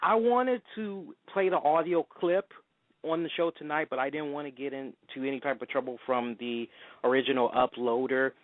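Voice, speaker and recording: A man hosting a casual wrestling talk show, excitable and quick to slip into loud put-on voices. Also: medium pitch, no room sound. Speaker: podcast host. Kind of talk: casual radio-style chat. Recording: tinny phone-line sound.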